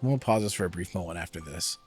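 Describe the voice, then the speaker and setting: A man's voice: sits low, fast, faint music behind. A young adult man streaming a game, chatting casually and rambling with many fillers.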